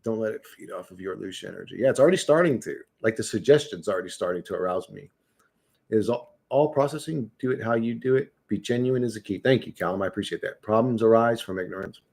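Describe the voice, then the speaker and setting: A man's voice: lowish voice, fast talker, creaky, a little mellow. A man chatting casually on a livestream, rambling and swearing, often restarting his words.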